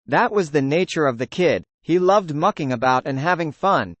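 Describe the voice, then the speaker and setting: A man's voice: fairly high pitch, animated, moderate pace, no room sound. A man narrating a documentary, telling a first-person anecdote and voicing the quoted dialogue in it. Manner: storytelling that voices quoted dialogue.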